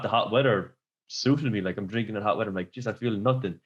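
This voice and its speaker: A man's voice: on the low side, quick pace, muffled recording. A man hosting a podcast, telling rambling stories in casual chat and laughing often. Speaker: podcast host.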